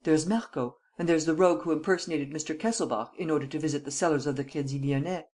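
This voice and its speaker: A brusque, demanding French prime minister presses for quick results, as an audiobook narrator reads his lines. He speaks in an insistent storybook manner with a slightly raised pitch. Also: a little mellow, natural voice.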